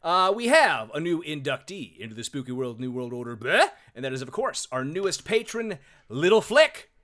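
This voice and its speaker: Man, podcast host, casual chat, animated, lively pitch. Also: normal speed. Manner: animated, laughing, rambling.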